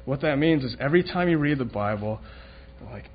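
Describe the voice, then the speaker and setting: A man gives a sermon in a relaxed, conversational way, putting questions to the room and stumbling into restarts. His voice sits in a middle range. The recording is dull and lo-fi, with faint room noise underneath. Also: mid-range voice, brisk. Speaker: preacher.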